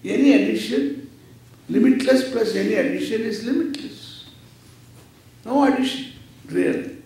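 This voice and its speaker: A man in his 70s from India, a Vedanta teacher, gives a playful scripture lecture, acting out little dialogues with laughter. His voice is extremely high and darkish, with a measured pace. The recording comes from an echoey hall with a distant mic and faint noise.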